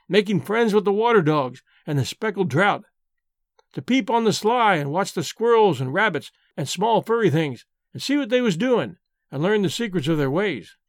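A man's voice: sits high, no room sound, clean studio sound. A man reading the folksy, wistful lines of a frontier-born woman who leads a tribe, for an audiobook. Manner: plain folksy frontier speech.

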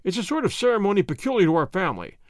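A man narrating a classic detective story in the first person, with lively, expressive delivery. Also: high voice, rapid-fire, no room sound, clean studio sound.

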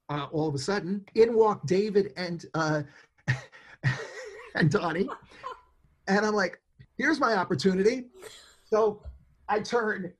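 A man in his sixties from New York, a songwriter and producer telling stories in an interview and acting out his own thoughts in quick asides. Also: sits high. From New York, USA. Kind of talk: conversational storytelling.

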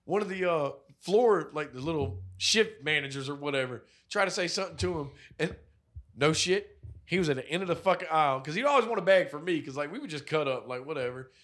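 A young man with a bright, forward voice that sits a little high, chatting casually. He tells profane, animated stories and jumps up in pitch to act out the people he quotes. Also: a little fast. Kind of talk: casual storytelling chat.

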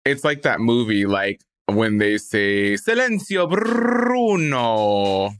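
A man's voice: on the low side, measured pace, a bit bright, a little hiss or hum. A man co-hosting a podcast in casual chat, playful, acting out little scenes with sound effects. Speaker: podcast co-host.

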